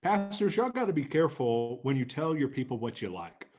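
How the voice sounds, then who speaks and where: A man's voice: mid-range voice, sing-song, brisk, a little mellow. A man with an ordinary mid-range voice hosts a casual podcast chat. He sounds upbeat and playful, jokes with his co-hosts and keeps the conversation moving. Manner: upbeat, joking, steers the talk. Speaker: podcast co-host, pastor.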